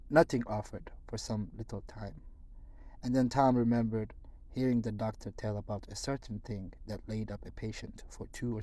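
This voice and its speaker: A man narrating a classic novel as an audiobook, with measured storytelling and dramatic pauses. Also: medium pitch, mellow. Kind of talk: scripted narration.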